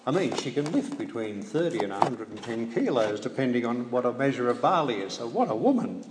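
A man preaching a sermon in a measured way, with rhetorical questions and dry humorous asides. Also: mid-range voice, sing-song. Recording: echoey hall, faint background noise.

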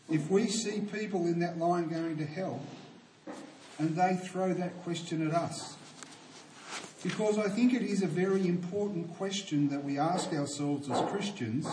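Older preacher, echoey and distant. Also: male voice, on the high side, a little mellow, slight background noise. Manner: earnest, emphatic storytelling with rising intensity. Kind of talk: sermon with opening prayer. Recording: roomy echo from a distant mic.

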